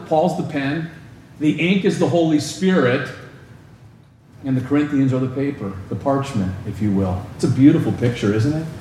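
A male pastor delivers a sermon with a fairly high voice, peppering the congregation with rhetorical questions and leaning hard on key words. His voice rings through a very echoey church hall. A faint hiss sits behind it. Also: darkish tone.

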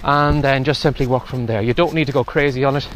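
This man has a medium-pitched voice with a steady tone, and he speaks fast. As a podcast host filming a casual walking vlog in strong wind and rain, he sounds slightly out of breath while giving chatty advice.

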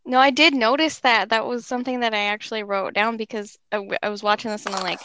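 A woman co-hosting a casual podcast, speaking in a wry, drawn-out way. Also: on the high side, steady tone, pushed and bright, clear, resonant tone, no echo. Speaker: podcast co-host.

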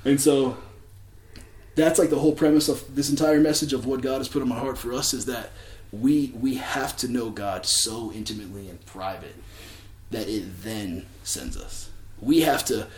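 A man's voice: medium pitch, moderate pace, darkish tone, echoey room. A man telling a story in a casual sermon, chatty, with many fillers and restarts. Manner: chatty, filler-heavy, with many likes and ums. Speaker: preacher.

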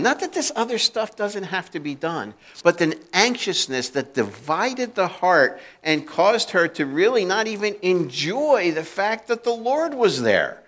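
A man's voice: sits high, sing-song, a little slow, fairly bright tone. A male pastor preaching a conversational sermon, acting out the voices he quotes and often restarting and repeating his words.

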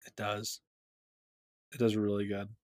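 A man co-hosting a fantasy podcast in casual chat, easygoing and halting, with lots of fillers. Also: lowish voice, monotone, darkish tone, dry recording, clean studio sound. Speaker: podcast co-host.

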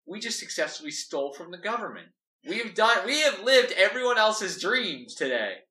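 A man voicing an eager, excitable young fish thief in a giddy rush. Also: fairly high pitch, normal speed, voice pushed up. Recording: echoey room, mic at a distance.

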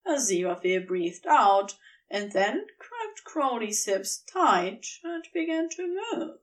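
A woman reading a story aloud as narrator, slow and expressive. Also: a little high, far from the mic. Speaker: podfic reader. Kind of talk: scripted narration.

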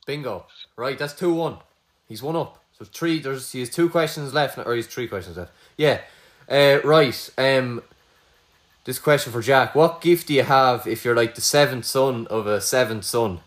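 A man's voice: mid-range voice, moderate pace. A young Irish man running a casual quiz between friends, teasing and swearing freely. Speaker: quizmaster. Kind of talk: casual chat.

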